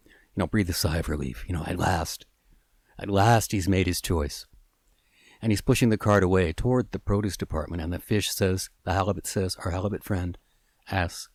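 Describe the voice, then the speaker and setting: A man telling an improvised story in a halting, earnest way with many restarts. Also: low voice, dry recording, clean studio sound.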